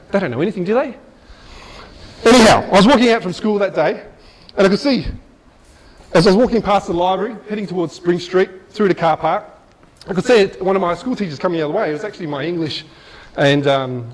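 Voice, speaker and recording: A middle-aged man giving a motivational speech, telling a personal story in a lively, chatty way with asides. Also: high voice, rough recording. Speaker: motivational speaker.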